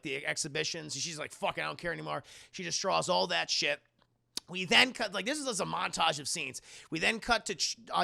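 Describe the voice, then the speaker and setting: Animated, gravelly-voiced streamer man. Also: a little high, dry recording, clean studio sound. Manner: animated, profane, acts out scenes. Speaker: streamer and movie reviewer. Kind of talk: casual live-stream recap.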